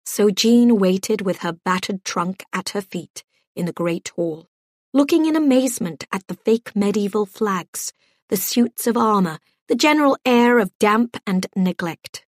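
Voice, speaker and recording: A woman narrating an audiobook in a measured, gently expressive storytelling voice. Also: medium pitch, dry recording, clean studio sound.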